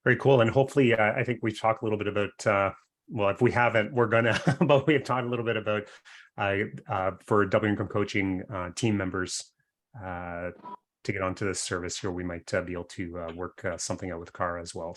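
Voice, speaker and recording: A man hosting a coaching video call in an easygoing, halting way. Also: fairly low pitch, steady tone. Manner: easygoing, halting, laughs often. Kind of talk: casual chat on a video call.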